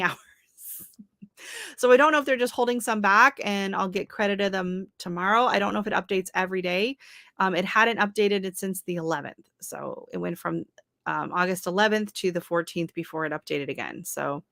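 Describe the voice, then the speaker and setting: A woman's voice: medium pitch, bright, forceful tone, no room sound, clean studio sound. A woman hosting a casual livestream from home, chatting and laughing as she greets viewers and answers their comments. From Canada. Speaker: livestream host.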